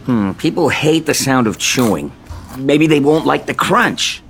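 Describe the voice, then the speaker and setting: An actor voicing an anxious, suspicious talking candy in an animated commercial. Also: male voice, medium pitch, a little slow, husky, faint music behind, heavily acted. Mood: fretful. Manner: worried, suspicious.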